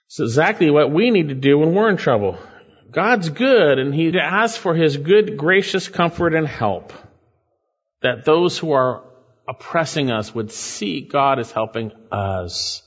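Male pastor, animated verse-by-verse sermon, long hall reverb, dull lo-fi recording. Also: a little high, unhurried, breathy edge. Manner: earnest and animated, rising sharply for emphasis.

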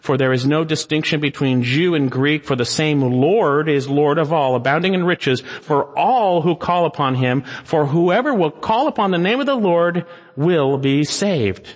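A pastor preaching a sermon, swinging between raised urgency and hushed pleading, reading scripture slowly and solemnly. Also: male voice, fairly high pitch, animated. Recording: long hall reverb.

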